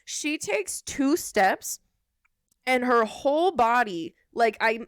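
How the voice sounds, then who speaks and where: A young woman on a podcast, telling a funny work story in a casual, animated way with lots of "like". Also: on the high side, slow, clear, resonant tone, dry recording, clean studio sound. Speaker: podcast co-host.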